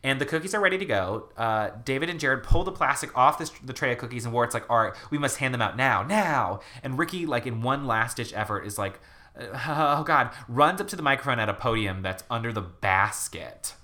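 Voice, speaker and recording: A man with a bright, edgy voice chats casually as a podcast co-host. He retells a story in a loose, rambling way, full of fillers and restarts. His pitch sits in the middle range. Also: lively intonation, a little fast. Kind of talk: casual chat, retelling a book plot.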